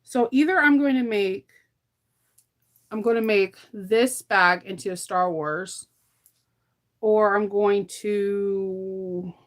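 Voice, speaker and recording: Chatty laughing woman, tired. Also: mid-range voice. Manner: chatty, laughs often, trails off mid-sentence. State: tired, recovering from illness. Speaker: sewing vlogger. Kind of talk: casual chat while sewing.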